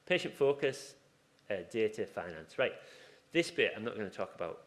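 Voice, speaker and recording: A man speaking at a conference in a fairly low voice. He talks in a loose, chatty way, wandering into asides and stories and often restarting his sentences mid-thought. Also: big pitch swings, normal speed. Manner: chatty, rambling, self-interrupting with asides and restarts. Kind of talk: informal conference talk. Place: conference room.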